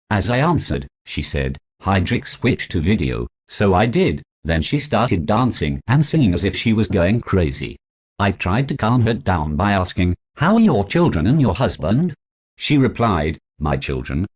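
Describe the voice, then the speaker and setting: A man narrating a first-person story aloud in a steady, read-aloud way. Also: low-pitched, husky.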